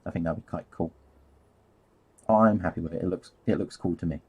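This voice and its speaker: A man's voice: low-pitched, brisk, breathy edge, muffled recording. A man rambling casually on a live stream while painting, easily sidetracked and laughing at himself.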